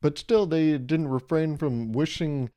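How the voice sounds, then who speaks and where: A young man runs his own podcast, wandering through a solo comedy monologue with sarcastic, mock-serious delivery and laughing at his own jokes. His voice sits on the high side, with a dark tone and an unhurried pace.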